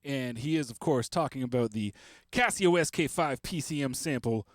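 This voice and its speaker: A man's voice: medium pitch, normal speed, no echo, clean studio sound. A man hosting a beatmaking livestream, chatting casually and rambling with self-mocking jokes while he works. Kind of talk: casual livestream chat while making beats.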